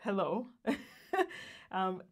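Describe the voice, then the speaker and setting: A woman's voice: mid-range voice, very slow. A young woman from Guatemala co-hosting a casual livestream, reading viewer greetings aloud and laughing often. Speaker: co-host of a livestream.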